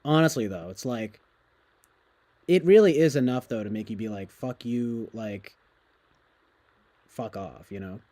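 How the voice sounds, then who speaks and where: A man's voice: fairly low pitch, animated, normal speed, warm tone. Profane rambling young man on stream. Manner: profane, rambling, laughs often, mimics others. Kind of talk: casual rambling chat.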